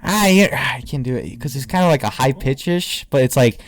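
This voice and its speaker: A man's voice: mid-range voice, fairly quick, few pauses, no echo. A young man chatting on a podcast, rambling through a story and breaking into laughter along the way. His voice sits in the middle range and sounds dry and close, with no room around it. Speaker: podcast co-host. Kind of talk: casual chat.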